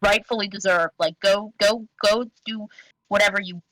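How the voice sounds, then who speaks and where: A bright-toned young woman trades jokes on a casual podcast. She teases and riffs playfully with her co-hosts, ready to chant a gag over and over. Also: mid-range voice, steady tone, moderate pace, no room sound, low-quality recording. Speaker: podcast co-host. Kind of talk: casual chat.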